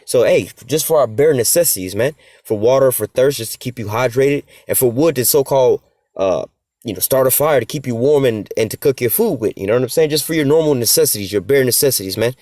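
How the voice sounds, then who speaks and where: A man's voice: medium pitch, lively intonation, fairly quick, darkish tone, no echo. A man preaching informally on scripture, in blunt, casual street talk, often tagging "man" and "whatever, whatnot.". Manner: blunt, swears in passing. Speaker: preacher of a religious group.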